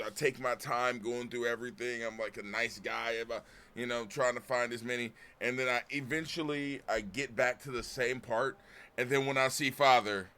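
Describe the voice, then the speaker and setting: A man streaming a video game, telling a profane story in an animated way and bursting into shouts. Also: mid-range voice. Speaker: Twitch streamer and comedian. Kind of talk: profane storytelling while gaming.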